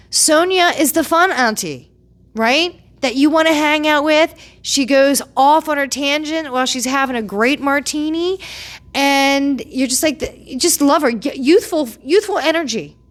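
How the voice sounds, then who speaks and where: Brief: woman, chatty commentary host, opinionated, slightly high-pitched. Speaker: pop culture commentator. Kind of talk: casual commentary.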